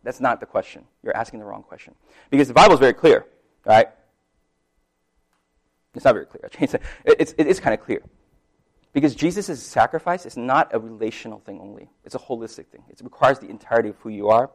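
A man preaching in a relaxed, conversational way, like a pastor talking with his congregation. His voice sits at an ordinary middle pitch. He drops to near-quiet asides, then rises to emphatic points, checking in with his listeners as he goes. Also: quick pace. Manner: conversational, lots of "right?" asides and laughs; loudness swings widely between soft and emphatic. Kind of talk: sermon.

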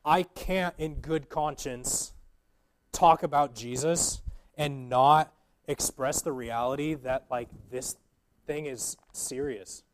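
A man's voice: mid-range voice, slow, a little hiss or hum. A young man giving an earnest, informal sermon as a guest preacher, with many fillers and restarts.

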